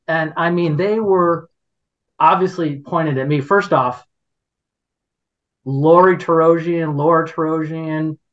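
A man hosting a podcast tells a story in an unhurried, drawn-out way. He sounds indignant and rambles, often breaking off and restarting his sentences. The recording is muffled and lo-fi. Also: on the high side. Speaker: podcast host. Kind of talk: casual storytelling chat.

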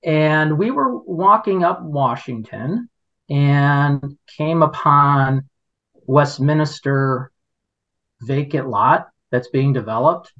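A man's voice: fairly high pitch, slow, fairly bright tone, highs cut off. A man hosting a podcast, telling a story in casual chat, indignant and rambling with many restarts. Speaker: podcast host.

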